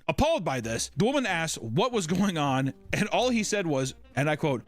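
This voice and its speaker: A man's voice: a little high, brisk, few pauses, soft background music. A man co-hosting a comedy podcast, reading odd news stories aloud and riffing on them with swearing and laughter. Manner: animated, swearing, laughing, mock voices. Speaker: podcast co-host.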